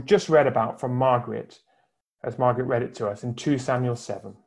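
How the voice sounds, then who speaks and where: A man's voice: medium pitch, a little mellow. A man preaching a sermon from home for an online service, building his points with emphatic, rhetorical repetition. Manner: emphatic, rhetorical build-ups with long pauses. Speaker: pastor.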